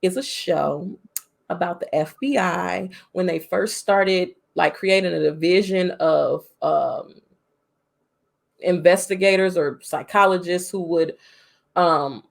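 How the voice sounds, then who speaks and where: A woman's voice: on the low side, slow pace, creaky. A woman co-hosting a casual film podcast, chatty and playful, laughing often. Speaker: podcast co-host. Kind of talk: casual chat.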